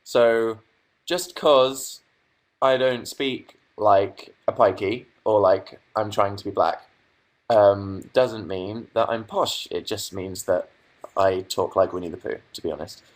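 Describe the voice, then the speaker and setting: A young man from England, his pitch fairly low, takes his time as he hosts a laid-back livestream from his bedroom. He reads viewer comments aloud and replies with sarcastic, deadpan asides.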